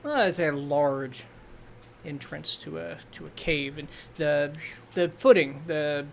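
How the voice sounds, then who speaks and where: A man running a tabletop game, his voice a little high. He narrates in a halting, relaxed way full of fillers. A faint hiss sits under the voice chat. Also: gravelly. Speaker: game master.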